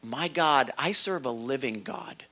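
A man's voice: medium pitch, expressive, measured pace, pushed and bright. A male pastor giving a short sermon devotional to a congregation, emphatic and stumbling over repeated words.

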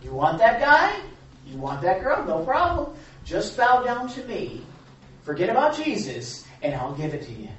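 A speaker voicing a smooth-talking devil who tempts listeners with riches and power in a wheedling, pushy way. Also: mid-range voice, huge pitch swings, moderate pace, muffled recording, voice pushed up. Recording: echoey room from far off, faint noise.

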